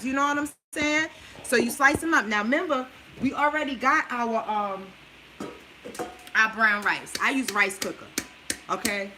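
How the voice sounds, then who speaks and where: Bright-voiced woman coaching viewers while cooking. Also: fairly high pitch, slight background noise, low-quality recording. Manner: chatty, coaching, talks straight to viewers. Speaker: busy mom sharing a meal plan. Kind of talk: casual cooking livestream.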